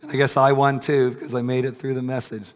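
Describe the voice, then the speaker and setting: A man's voice: medium pitch, flat delivery, fast talker, long reverb tail. A male pastor with a weak, strained voice preaching a sermon in a church, asking earnest questions and building to emphatic peaks. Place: church sanctuary.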